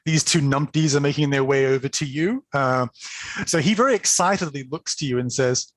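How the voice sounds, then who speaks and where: A man's voice: on the high side, normal speed, no room sound. A man narrating a tabletop role-playing game as game master, chatty and laughing, with many fillers.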